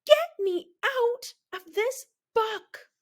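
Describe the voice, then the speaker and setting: A woman voicing a frightened young male bookmark, yelling in shrill panic in a storybook read-aloud. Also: expressive, very slow, heavily acted. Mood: terrified.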